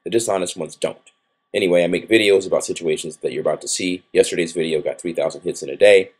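A man's voice: deep voice, breathy edge. A man filming officials, talking bluntly and combatively in a confrontational documentary style. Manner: blunt, combative, rapid-fire. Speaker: citizen journalist filming officials.

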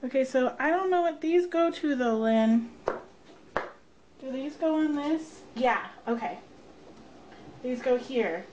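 A woman's voice: sits high, lively intonation, slow pace, pauses often, a little mellow, highs cut off, slight background noise. A woman vlogger unboxing a gift box, gushing and gasping with delight. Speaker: craft vlogger. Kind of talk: unboxing vlog.

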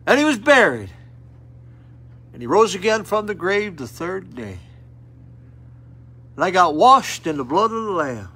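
A man's voice: high-pitched, very animated, measured pace, long pauses, pushed and bright, husky. An older man preaching a sermon at a rescue mission, plain-spoken and folksy with fervent appeals, in an auditorium.

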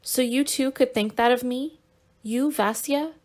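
A woman's voice: medium pitch, fairly even intonation, normal speed, creaky, darkish tone, close to an everyday voice. A woman voicing an impulsive young man who is emotional and imploring, in an audiobook. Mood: indignant.

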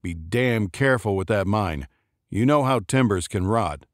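Man voicing a matter-of-fact woman on the phone, brisk, low, dry. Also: lively intonation, dry recording, close to an everyday voice.

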